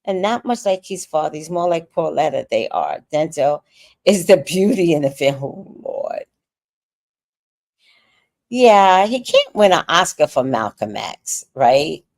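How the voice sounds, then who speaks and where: A woman in her sixties chats loosely through a livestream, reading out viewer comments and reacting with quick laughs. Her lowish voice has a gravelly edge and swings widely up and down. She sounds worn out, and the sound is close and dry. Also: sing-song, a little mellow, dry recording. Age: 60s. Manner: chatty, reacts to viewer comments with laughter and sudden sung bits. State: tired. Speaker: livestream host reading chat. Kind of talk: casual livestream chat.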